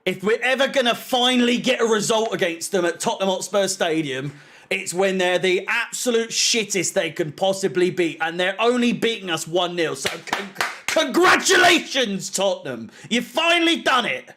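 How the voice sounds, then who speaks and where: Ranting fan, high voice. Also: male voice, normal speed, fairly bright tone. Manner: frustrated, swearing, sarcastic ranting. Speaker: fan channel co-host. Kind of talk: live match watch-along commentary.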